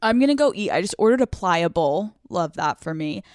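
A young adult woman hosting a casual solo podcast, brash and profane, talking fast and loose. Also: lowish voice, animated, a little mellow, dry recording, studio quality. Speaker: podcast host. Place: restaurant brunch. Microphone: phone.

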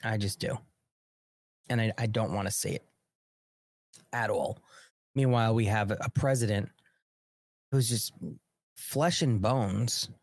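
A man's voice: on the low side, a little slow, pauses often, no room sound, studio quality. A man with a Long Island New York accent hosting a live political commentary show, talking bluntly and heatedly in a rambling way, with many restarts.

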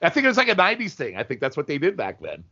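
A man in his thirties, a guest on a podcast, chatting in an animated, incredulous way. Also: fairly high pitch, racing, dull audio. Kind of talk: casual chat about a TV episode.

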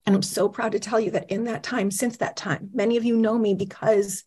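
A woman's voice: mid-range voice, fairly even intonation, brisk, a little mellow, husky. A woman in her forties, a motivational speaker, telling a personal story on stage with dramatic pacing and questions to the audience.

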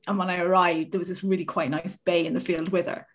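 A woman's voice: on the low side, little pitch movement, fast. An Irish woman telling a self-mocking story in casual podcast chat, laughing often as she talks. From Ireland. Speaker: horse rider.

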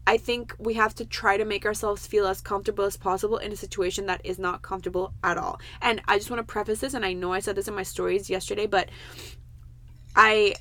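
A woman co-hosting a casual podcast chat talks in a chatty, reflective way, with casual swearing mixed in. Her voice is at a middle pitch for a woman. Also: level tone, fast, bright, forceful tone. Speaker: podcast co-host.

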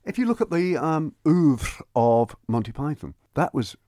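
Man, radio film guest, enthusiastic, expressive pitch, dead-dry studio mic. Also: unhurried, no room sound. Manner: enthusiastic, animated, with frequent restarts. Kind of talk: radio chat.

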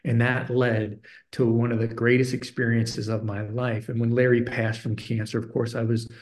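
A man's voice: mid-range voice, moderate pace. A man in his forties, a guest telling a long anecdote in conversation and acting out both sides of the dialogue. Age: 40s. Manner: animated anecdote teller, acts out dialogue. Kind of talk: conversational storytelling.

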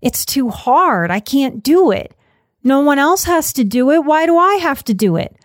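A woman's voice: high-pitched, very animated, unhurried, no echo, clean studio sound, voice pushed up. A woman voicing a whiny, resistant inner child who complains and pleads that everything is too hard.

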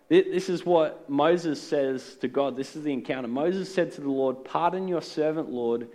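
A man's voice: on the high side, darkish tone. Man preaching in a conversational tone. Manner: earnest, conversational preaching with light humor. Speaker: pastor. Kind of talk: sermon. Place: church.

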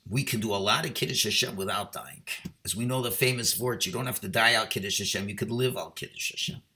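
A middle-aged man giving a Torah talk as a rabbi, passionate and exhorting, then easing into quiet, chatty storytelling, with Hebrew and Yiddish words mixed in. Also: medium pitch.

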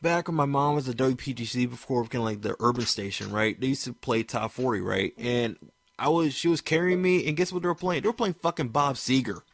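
A man's voice: mid-range voice, a little fast, no echo. A man from Maryland hosting a casual chat, laid-back and profane, filling his talk with "you know". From Maryland, USA.

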